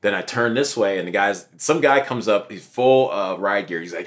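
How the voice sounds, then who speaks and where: Lively young man telling his story. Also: on the low side, moderate pace. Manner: animated, acts out quotes of others. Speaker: interview guest. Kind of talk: casual conversational storytelling.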